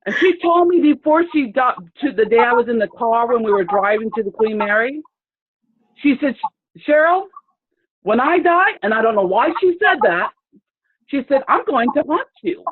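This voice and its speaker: A woman sharing a personal story on a video call, in a halting, rambling way with many restarts. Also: fairly high pitch, animated. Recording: tinny phone-like video call audio.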